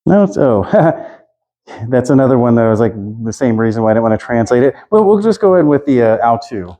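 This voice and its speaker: A man with a dark, mellow voice teaches a small, relaxed class. He talks in a loose, chatty way, stopping to laugh and shuffle through his notes. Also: mid-range voice, brisk.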